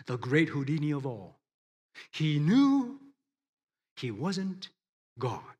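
A man's voice: a little high, sing-song, slow pace, long pauses. A man preaching a sermon, addressing his listeners as friends and driving points home with emphatic rises and drops.

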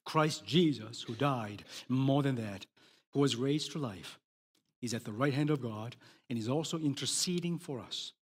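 A man preaching a sermon, emphatic, swinging between loud declarations and hushed words. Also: medium pitch, normal speed, breathy edge. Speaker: pastor. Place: church sanctuary. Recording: long hall reverb.

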